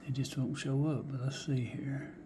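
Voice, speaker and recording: Over a noisy background, a man speaks at normal speed with a level tone and medium pitch. He's casually showing off die-cast cars he's found, folksy and reflective, often lowering his voice to a whisper.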